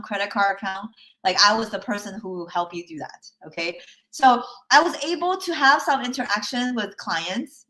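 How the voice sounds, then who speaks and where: In a live online workshop, a female life coach shares a personal story conversationally, frequently checking on her listeners and laughing softly between points. Her voice sits in the mid-range with a sharp tone.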